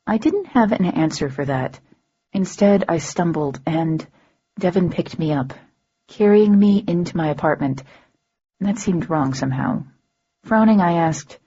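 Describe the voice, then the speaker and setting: A woman narrating an audiobook in the first person, her voice low and mellow with a husky grain. She keeps a dry, wry, matter-of-fact delivery, and the recording sounds slightly dull and muffled. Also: a little slow.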